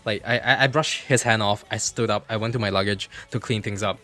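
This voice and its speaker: A man livestreaming from his computer, telling a story in an animated way, repeating himself and swearing freely. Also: on the low side, fairly quick.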